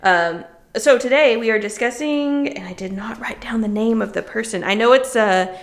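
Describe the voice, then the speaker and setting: A woman's voice: on the high side, moderate pace. Woman co-host, casual and chatty, giggles easily; remote call sound. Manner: chatty, laughs often between phrases. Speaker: podcast co-host. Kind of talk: casual chat.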